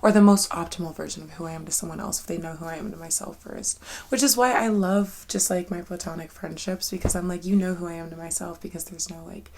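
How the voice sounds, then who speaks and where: Fast and a little mellow, a young woman with a fairly low, steady voice rambles candidly to herself on her vlog. Frequent swearing, lots of "like," and sudden bursts of laughter mark her talk, and she nearly whispers when turning reflective.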